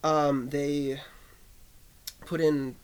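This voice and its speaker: A man in casual conversation, calmly explaining film history with frequent fillers. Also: a little high, drawn-out words, clean tone.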